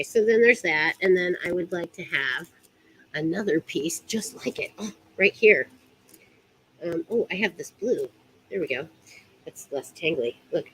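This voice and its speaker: A chatty woman walks through rope ties in a loose, hands-on demonstration. She has a lowish voice, giggles often and lets sentences trail off as she works. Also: a bit bright, slight background noise, rough recording. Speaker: rope bondage instructor.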